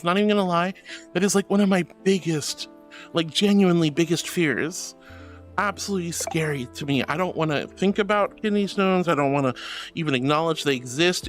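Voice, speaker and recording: A man's voice: high voice, fairly bright tone. A man streaming live, reading chat aloud and chatting casually, affectionate and giggly, calling his viewers sweetheart and darling.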